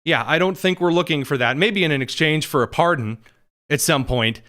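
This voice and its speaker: A man hosting a political commentary show, talking in a quick, mocking way with jokey asides. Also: fairly high pitch, fairly bright tone. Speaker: host.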